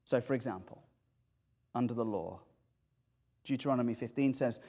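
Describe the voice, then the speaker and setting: A man preaching an expository sermon, lively and animated as he explains words and tells the story. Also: mid-range voice, normal speed, long pauses.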